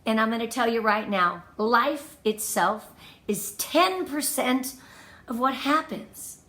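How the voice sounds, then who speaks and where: A woman's voice: fairly high pitch, animated, slow, bright, forceful tone, echoey room. A woman leading a motivational training talk for her sales team, enthusiastic and emphatic, counting off tips and repeating her key points. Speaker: direct sales team leader.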